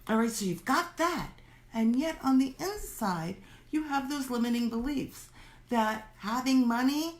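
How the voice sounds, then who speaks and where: A woman teaching a workshop in a chatty, animated way, acting out the worried inner voices of her listeners. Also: high voice, measured pace. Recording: roomy echo.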